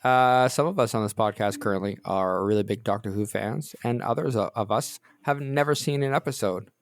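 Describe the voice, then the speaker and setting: A man's voice: on the low side, fairly quick, dry recording. Joking male podcast host, dry sound. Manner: jokey, self-deprecating banter. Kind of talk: casual chat.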